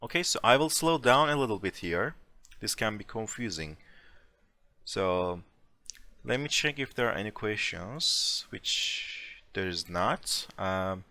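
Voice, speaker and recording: A man with a low, bright voice teaches a class online, taking his time and adding casual fillers as he explains. The sound is dry and close, like a computer mic in a voice chat. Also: animated, unhurried, no room sound. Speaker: Turkish language teacher. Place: home room, over a voice chat.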